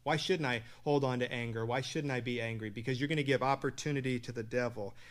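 A man preaching a sermon, asking the congregation questions and answering them, with loud stresses and quiet asides. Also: medium pitch, fairly even intonation, fast. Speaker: pastor.

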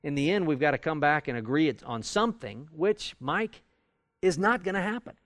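A man's voice: fairly high pitch, expressive, normal speed, fairly bright tone, no room sound, clean studio sound. A man teaching a Bible study class in a conversational way, acting out quoted arguments as he goes. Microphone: recorded for audio with a live class.

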